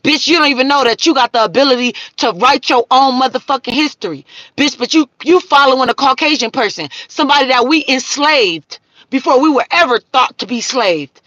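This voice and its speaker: Woman, thirties, high pitched, dry, muffled sound, confrontational livestream rant. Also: animated, fairly quick, a bit bright, no room sound. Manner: profane, confrontational ranting. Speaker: livestream host. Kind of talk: ranting live stream.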